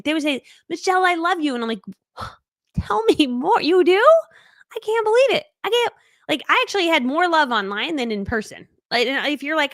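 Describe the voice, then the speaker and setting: A woman's voice: fairly high pitch, gravelly, no room sound, clean studio sound. Bubbly chatty woman coach. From New England, United States. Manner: bubbly, chatty, animated, with laughs and playful acted quotes. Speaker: online business coach. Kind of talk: live training webinar.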